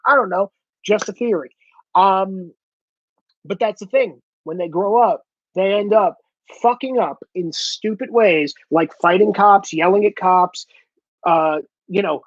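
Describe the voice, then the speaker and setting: A man's voice: high-pitched, moderate pace, no echo. Man alone in a room, heated profane rambling rant, muffled dry recording. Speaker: solo vlogger. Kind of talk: ranting monologue. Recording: dull lo-fi, dry.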